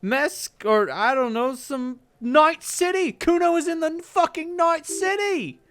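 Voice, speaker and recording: A woman's voice: high voice, slow, voice pushed up. A woman voicing a brash, foul-mouthed twelve-year-old boy in a video game who swaggers and talks about himself in the third person. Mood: defiant.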